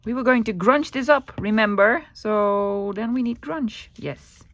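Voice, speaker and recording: Gravelly Dutch-accented woman crafting. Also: on the high side, a little slow. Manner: chatty, thinks aloud and answers her own questions. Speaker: crafting vlogger. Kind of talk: casual crafting commentary.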